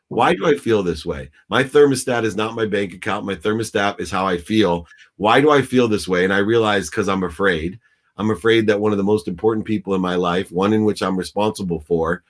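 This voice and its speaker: Man, low voice, intense, preachy, storytelling, video call. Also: fairly quick. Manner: intense, preachy, acts out shouting in quotes. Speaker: guest, business coach and speaker. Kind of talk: animated storytelling in a talk interview.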